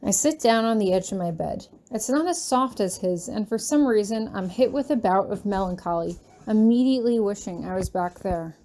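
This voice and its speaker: A woman's voice: mid-range voice, animated, normal speed, hardly any pauses, mellow. A woman narrating a fanfiction chapter in the first person, reading earnestly and with emotion. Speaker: fanfiction reader.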